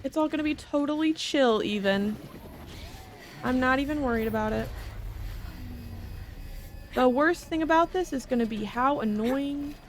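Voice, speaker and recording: A woman's voice: high-pitched, moderate pace, pauses often, slight background noise. A young woman streaming a video game, talking dramatically to herself and to the game, and sometimes reading its text aloud. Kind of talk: live game commentary.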